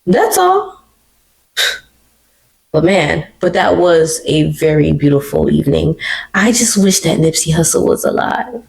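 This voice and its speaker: A woman hosting her own podcast, talking alone in an animated, emotional and slangy way. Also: low voice, a little slow, gravelly, pauses often, low-quality recording. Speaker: podcast host. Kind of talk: casual solo commentary. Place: living room.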